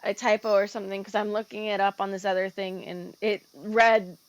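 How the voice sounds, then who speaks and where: A woman's voice: mid-range voice, level tone, brisk. A woman at a tabletop game, talking casually with many fillers as she checks the rules. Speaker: player.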